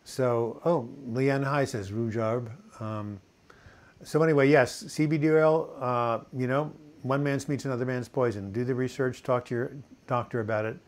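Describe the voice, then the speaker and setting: A man's voice: mid-range voice, moderate pace. Older man casually chatting on a live stream. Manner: relaxed, rambling, many fillers and restarts. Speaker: host of a live video chat on mental health. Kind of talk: casual live-stream chat reading viewer comments. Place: home in Portland, US.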